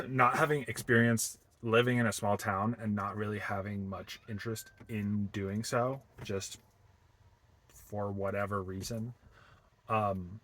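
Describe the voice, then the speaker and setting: A young man from Boston in a casual, reflective vlog, talking haltingly with many fillers and restarts. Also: on the low side, fairly even intonation, sharp tone. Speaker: vlogger.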